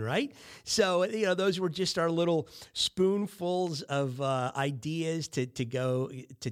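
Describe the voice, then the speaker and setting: A middle-aged man hosting a podcast, giving casual coaching on small talk with lots of fillers and acted-out sample chats. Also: mid-range voice. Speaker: podcast host.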